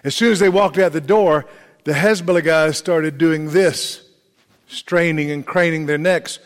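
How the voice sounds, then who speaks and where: A man's voice: on the high side, unhurried, in a large hall. A man preaching a sermon in a church, telling a story dramatically with rising intensity.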